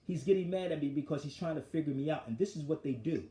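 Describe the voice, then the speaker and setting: A man hosting a talk show, telling the story of an argument in a forceful, animated way. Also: a little high, fast, echoey room. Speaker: show host. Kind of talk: casual street talk storytelling.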